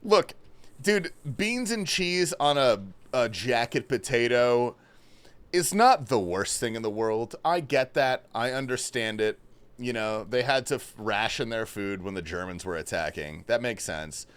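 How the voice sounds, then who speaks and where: A laid-back man on a gaming livestream, talking casually to his chat. His pitch is lively and moves a lot, and he sprinkles in swearing along with bro and man. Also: unhurried, clean tone.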